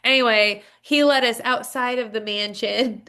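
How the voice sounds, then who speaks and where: A woman's voice: a little high, steady tone, normal speed, bright, forceful tone, smooth. Chatty woman podcast co-host. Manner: chatty storytelling with many fillers. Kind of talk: casual chat.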